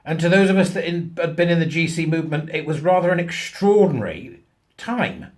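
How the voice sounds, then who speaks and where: Bloke vlogging, bit poorly, chatty and worked up, slightly high voice. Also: male voice, lively intonation, brisk. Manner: chatty, emphatic, getting emotional. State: a bit unwell. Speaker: vlog host. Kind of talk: casual solo commentary.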